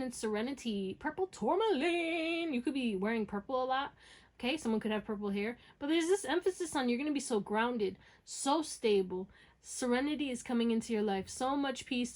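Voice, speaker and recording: A woman giving a pick-a-card tarot reading in a casual, blunt way. She often tags lines with "okay?" and swears freely. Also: on the high side.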